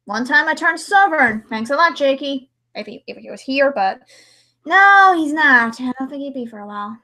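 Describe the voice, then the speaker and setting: Sharp-toned and high-pitched, this young woman talks expressively at a normal speed. While editing a dramatic reading on her livestream, she chats casually, mutters to herself, and laughs a lot.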